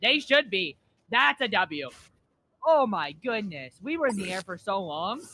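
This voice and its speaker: A man live streaming a game, excitable and chatting with his AI co-host. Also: high-pitched, measured pace, a little hiss or hum. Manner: excitable, laughing.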